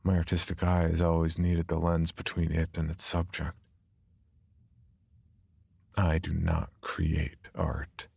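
A man narrating a first-person horror story in a subdued, brooding way, with a husky, gravelly voice. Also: low voice, monotone, slow pace, pauses often, a little mellow, no room sound.

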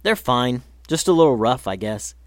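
A man's voice: mid-range voice, sing-song, moderate pace, no echo, clean studio sound, natural voice. A man voicing a friendly, easygoing boy with an upbeat manner.

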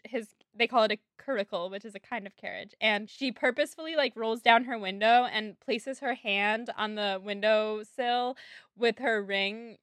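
A woman's voice: mid-range voice, bright, forceful tone, dry recording, clean studio sound. A young woman co-hosting a podcast, recapping a novel in casual chat with a giggly, blunt manner. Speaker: podcast co-host. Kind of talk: casual book-discussion chat.

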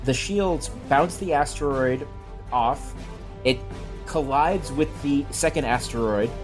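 A man narrating a tabletop game as game master, with halting pauses and fillers. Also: medium pitch, faint music behind.

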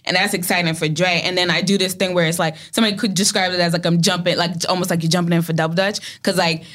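A young woman, an actor guest in an interview, telling animated stories and acting out quotes. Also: fairly low pitch, fast talker. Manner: animated storytelling, acts out quotes. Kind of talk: casual interview talk.

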